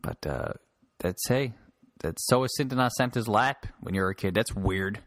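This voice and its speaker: A man's voice: on the low side, moderate pace, dry recording. A man hosting a solo podcast, rambling casually, restarting sentences and swearing freely into a close handheld mic. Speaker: podcast host. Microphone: handheld mic held close.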